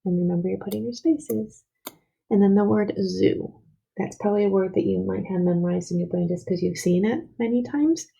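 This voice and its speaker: A woman teaching an early-grade spelling and writing lesson, slowly and patiently sounding out letters and words for young children. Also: mid-range voice, vocal fry, warm tone, husky, lo-fi sound.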